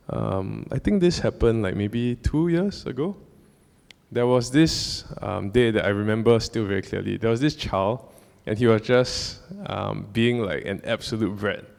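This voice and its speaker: A man's voice: fairly low pitch, creaky, darkish tone, clear, resonant tone. A young man tells a personal story as a casual church talk, rambling with many fillers and restarts. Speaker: church speaker. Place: church hall. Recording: long hall reverb.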